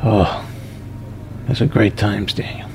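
A man's voice: lowish voice, slow pace, creaky, darkish tone, slight background noise. A man voicing a forgetful, nostalgic man in his nineties who rambles through the same old stories. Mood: fond reminiscing.

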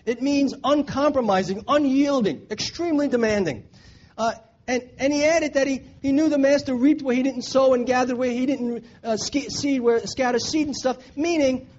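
A man's voice: very high-pitched, darkish tone, slight background noise. A man preaching a sermon in an earnest way, repeating his points for emphasis. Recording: dull lo-fi recording.

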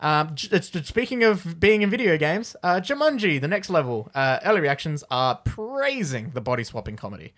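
A man's voice: fairly high pitch, sing-song, moderate pace, few pauses, fairly bright tone. A man hosting a casual podcast, reading entertainment news with lots of ums and restarts. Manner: rambling with many ums and restarts. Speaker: podcast host.

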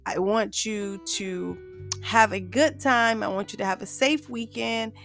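A woman's voice: mid-range voice, unhurried, vocal fry, a bit bright, faint music behind. A woman hosting a solo motivational podcast, chatty and upbeat, often laughing as she talks to her listeners as "you guys". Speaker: podcast host.

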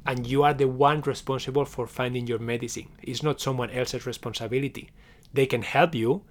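In a live stream closing talk, a meditation teacher with a mid-range voice speaks gently and encouragingly. He often checks in with "okay?" and restarts his phrases.

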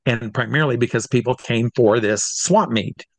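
A man in casual conversation spins a long anecdote, slipping into the voices of the people in his story as he goes. He sits at a middle pitch, and the recording is close and dry, with no room sound. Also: normal speed, no echo. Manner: animated anecdotes with acted-out quotes. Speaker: guest.

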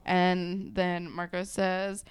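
A woman's voice: fairly low pitch, very slow, clean tone. A woman co-hosting a podcast, casually recapping an episode and voicing her blunt reactions. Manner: expressive, swears, voices her own reactions. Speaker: podcast co-host.

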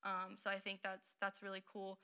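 A young woman presents her Bible school lessons in a loose, joking way, with plenty of fillers and quick asides to her listeners. Her voice is very bright and forward. She pitches it at an ordinary middle height for a woman. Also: completely flat delivery, smooth. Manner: chatty and playful, many fillers and asides. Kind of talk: casual teaching talk.

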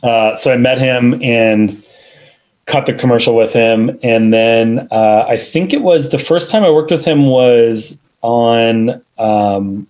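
A man's voice: medium pitch, slow, a little mellow, rough recording. A man, a film editor, talking casually in an interview, rambling with many fillers and restarts. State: parent of two little kids.

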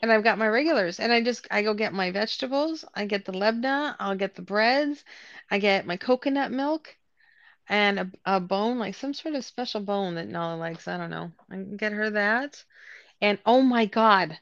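Chatty woman telling animated stories. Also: medium pitch, normal speed, dry recording, highs cut off. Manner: animated, acts out quotes, laughs often. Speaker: podcast co-host. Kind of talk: casual storytelling chat.

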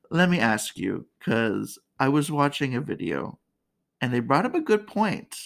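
A woman's voice: low voice, wildly swooping pitch, slow, vocal fry. A woman hosting a casual comedic commentary, chatty and candid, laughing often. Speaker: podcast host.

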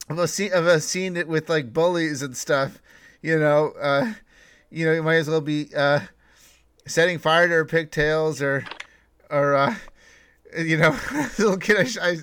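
Man, fairly high voice, dry close sound, rambling podcast talk, many restarts. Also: fairly bright tone, clear, resonant tone, dry recording. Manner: rambling, many restarts, laughs while talking. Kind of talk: casual podcast discussion.

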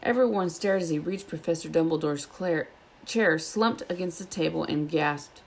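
A woman reading a children's novel aloud, with steady, plain narration. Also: on the low side, normal speed. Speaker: storybook reader.

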